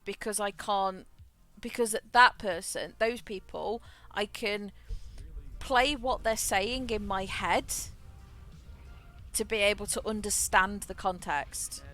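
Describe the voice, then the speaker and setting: A woman's voice: medium pitch, takes it slowly, fairly bright tone, faint music behind. A woman streaming a game, chatting frankly, swearing freely and laughing often. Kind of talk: casual chat while gaming.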